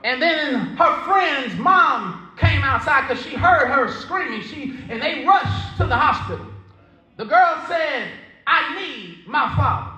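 A man preaching a sermon as pastor, telling a story and building to shouts, with a Southern US accent. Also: very high-pitched, expressive, slow pace. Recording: echoey church hall.

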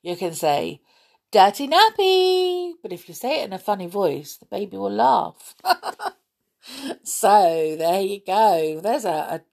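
A woman reading a children's story aloud, gentle and chatty with asides. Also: medium pitch, very animated, measured pace. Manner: gentle, chatty asides, clears throat often.

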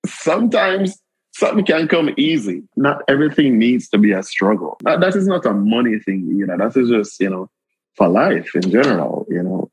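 Husky low-voiced Jamaican man. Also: fairly quick, no room sound, poor audio. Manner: laid-back, animated storytelling with frequent asides. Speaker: guest creative. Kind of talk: casual conversational interview.

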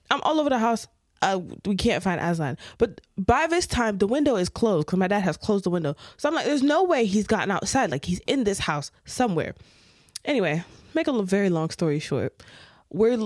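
A young woman co-hosting a podcast, telling a story in a casual, animated way and acting out the scenes. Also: medium pitch, brisk, no room sound, studio quality. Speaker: podcast co-host.

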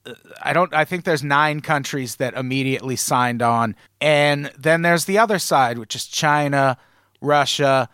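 A man's voice: mid-range voice, a little slow, fairly bright tone, clear, resonant tone, no echo. A man co-hosting a comedy podcast, reading news items aloud and riffing on them with dry sarcasm. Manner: sarcastic, reads news items then riffs. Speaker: podcast co-host.

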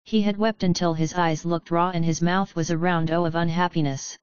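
A woman narrating a fantasy audiobook in clear, even storytelling. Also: on the low side, brisk, dry recording. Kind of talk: scripted narration. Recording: slightly dull, dry studio sound.

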